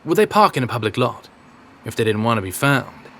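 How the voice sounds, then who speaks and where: A man's voice: medium pitch, very animated, brisk, fairly bright tone, a little hiss or hum. A man voicing a proper, fussy male butler with a British accent, formal and fretful. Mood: prim.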